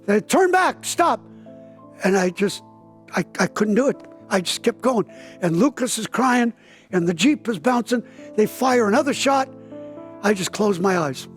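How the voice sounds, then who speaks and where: Older guy, pastor in his 70s, high voice, telling his story really vividly, faint music behind. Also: animated, normal speed. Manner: vivid storyteller, acts out quoted dialogue with a raised voice. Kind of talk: interview testimony, telling a story.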